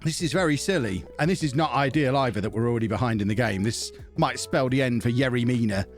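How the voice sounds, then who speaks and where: A man's voice: mid-range voice, fast, soft background music. A man casually commentating on his own football management game on a live stream, chatty and self-mocking as he thinks aloud and thanks subscribers.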